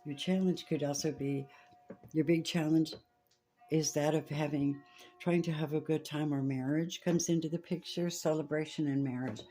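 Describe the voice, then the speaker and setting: A woman giving a spiritual tarot reading, reading scripture and speaking softly and slowly to her viewers. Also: low-pitched, steady tone, faint music behind. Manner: slow, soft-spoken, addresses viewers as babies. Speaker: tarot reader.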